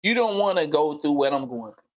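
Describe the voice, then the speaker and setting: A man hosting a livestream and giving an unscripted motivational monologue, blunt and profane, repeating phrases and swinging from low murmurs to loud outbursts. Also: expressive, a little fast. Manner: blunt, preachy, profane street slang. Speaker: livestream host. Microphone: streaming mic.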